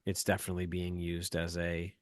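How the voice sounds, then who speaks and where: A man's voice: low voice, completely flat delivery, a little fast, no room sound. A middle-aged man, a podcast co-host, telling a heated story full of profanity in casual chat.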